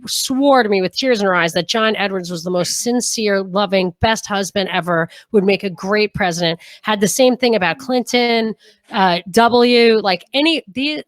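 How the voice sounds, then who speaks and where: A woman co-hosting a casual livestream chat over a home video call, chatty and quick with asides. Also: mid-range voice, dry recording. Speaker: podcast co-host. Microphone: home video call setup.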